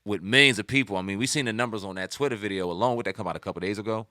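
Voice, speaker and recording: A man's voice: fairly low pitch, racing, sharp tone, no echo, clean studio sound. A man hosting a hip hop news show, commenting in a loose, slangy, conversational way. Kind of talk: casual commentary.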